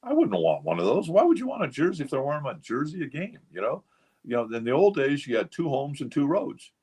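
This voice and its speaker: A man over sixty, a memorabilia collector guesting on a casual radio talk show, rambles through stories full of fillers. His voice is a little high and a little mellow, with a breathy edge, huge pitch swings, and a slightly fast pace.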